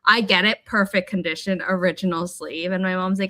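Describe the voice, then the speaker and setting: Bright-voiced chatty woman host. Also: medium pitch, fairly quick. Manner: chatty, rambling, animated storytelling. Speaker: writing sprint host. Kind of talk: casual chat on a livestream.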